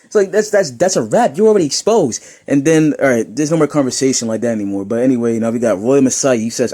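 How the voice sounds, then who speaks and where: A man's voice: medium pitch, quick pace, few pauses. A young man from New York reading and mocking comments in a casual, laughing commentary. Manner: laughing, mocking, animated rants.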